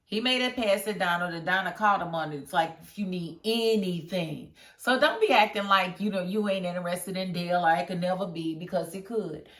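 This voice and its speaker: A woman casually reviewing a TV episode, chatty and animated, often breaking into laughter as she retells scenes. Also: lowish voice, brisk, hardly any pauses, far from the mic. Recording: roomy echo.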